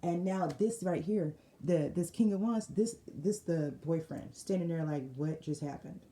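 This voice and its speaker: A woman giving a casual spiritual tarot reading, telling it as an animated, slangy story with lots of repeated phrases. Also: on the low side, a little slow, roomy sound. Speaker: tarot reader.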